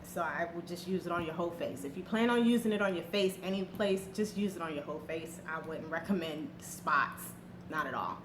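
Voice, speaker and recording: A woman's voice: fairly low pitch, fairly quick, noisy background. A woman giving a casual, candid product review as a vlogger, talking with fillers and slang. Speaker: beauty vlogger. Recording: echoey room with faint ambience.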